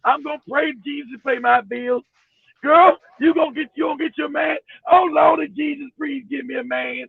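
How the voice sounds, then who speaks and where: A man's voice: very high voice, steady tone, normal speed, gravelly, no echo, far from the mic. A man putting on a devout churchy woman who cries out to the Lord in exaggerated wailing prayer, heard over a tinny phone-like line. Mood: pleading.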